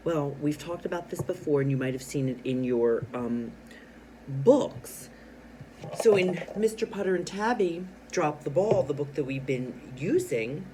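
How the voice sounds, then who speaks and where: A man's voice: mid-range voice, a little hiss or hum, poor audio. A man teaching a reading lesson to young children, asking them questions and explaining clues. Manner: animated, speaks directly to young learners with questions.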